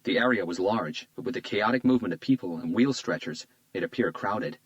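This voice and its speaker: A man giving measured, scripted audiobook narration on a close studio mic. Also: fairly low pitch, dry recording.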